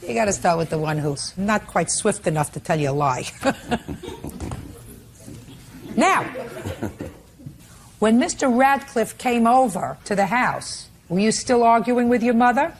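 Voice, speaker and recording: An older woman presiding as a TV courtroom judge, cross-examining in a sharp, rapid-fire way. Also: fairly high pitch, animated, a little hiss or hum. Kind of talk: courtroom questioning.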